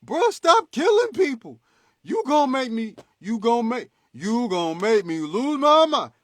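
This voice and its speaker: A man voicing a flustered, whiny superhero in a high, strained, exasperated voice. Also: sing-song, normal speed, a little mellow, no room sound, clean studio sound.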